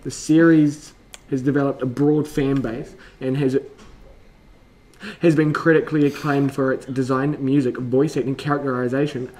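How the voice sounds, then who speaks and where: A man co-hosting a casual podcast who jokes around, restarts his lines and stumbles while reading aloud, going from quiet mumbling to louder reading. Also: medium pitch, flat delivery, moderate pace, rough recording. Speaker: podcast co-host.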